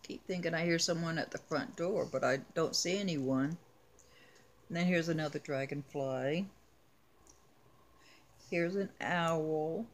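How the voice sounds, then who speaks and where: A woman in a casual vlog, showing off her craft supply haul, talking in an unhurried, chatty way with frequent ums. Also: low-pitched. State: has the hiccups. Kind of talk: casual show-and-tell.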